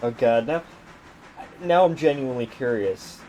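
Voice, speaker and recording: A brash man in casual gaming voice chat, throwing out swear words as he talks. His pitch sits in the ordinary middle for a man. Faint background noise runs under him. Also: unhurried, warm tone.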